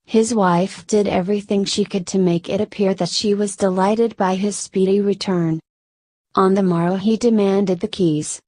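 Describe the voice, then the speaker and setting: Woman reading a fairy tale, calm even voice, dry close mic, no room sound. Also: mid-range voice, normal speed, dry recording. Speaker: narrator. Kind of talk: storybook reading.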